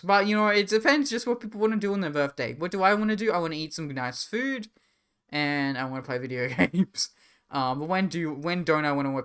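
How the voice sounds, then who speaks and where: A man's voice: on the high side, sharp tone, smooth. A man, chatting casually and rambling on a live stream while reading chat.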